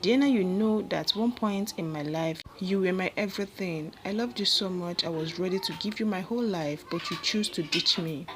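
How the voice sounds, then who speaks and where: A woman's voice: lowish voice, normal speed, few pauses, music in the background, close to an everyday voice, poor audio. A woman reading the lines of a heartbroken young man who reproaches his ex-girlfriend in a pleading, hurt way.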